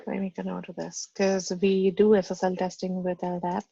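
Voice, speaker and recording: Flat, gravelly woman on a muffled call. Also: lowish voice, a little fast, no room sound. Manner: matter-of-fact, reading out config settings. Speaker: software engineer in triage meeting. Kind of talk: casual work meeting.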